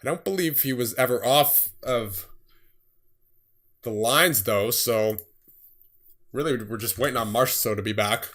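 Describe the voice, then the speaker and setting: A young man casually commentating his own hockey management game, rattling off results in quick bursts with a mid-range voice. His voice sounds a little worn, and keyboard typing clicks away behind him. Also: mid-range voice, fairly bright tone. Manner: rattles off scores in quick bursts, then laughs at himself. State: voice getting tired. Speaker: gaming streamer.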